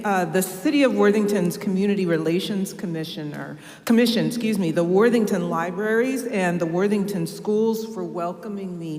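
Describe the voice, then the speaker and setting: A woman's voice: mid-range voice, darkish tone. Woman speaking in an echoey church hall. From Ohio, US. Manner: measured, earnest public speaking. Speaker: keynote speaker. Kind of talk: formal speech. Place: large church sanctuary. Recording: echoey hall with long reverb.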